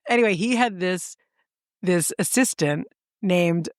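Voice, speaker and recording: Her lowish voice moves at a measured pace through a dry, studio-quality recording as she co-hosts a laid-back podcast. She spins animated stories, laughing often and acting out the things people said.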